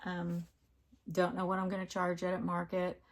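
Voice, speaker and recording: Lady rambling about her crochet stuff at home, kinda low voice. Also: monotone, normal speed. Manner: chatty, rambling, fond of her crafts. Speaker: crafting vlogger. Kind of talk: casual chat. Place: home crafting room.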